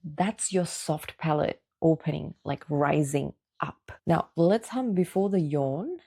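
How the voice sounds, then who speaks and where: Slow, mellow-voiced woman vocal coach. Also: sits low, creaky, husky. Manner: encouraging, talks the listener through exercises. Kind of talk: guided singing lesson.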